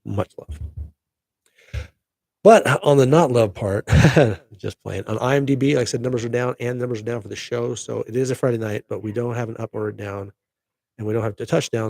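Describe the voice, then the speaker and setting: A man's voice: on the low side, vocal fry, darkish tone, dry recording. A middle-aged man hosting a casual live podcast stream, rambling upbeat to his viewers. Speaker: podcast host.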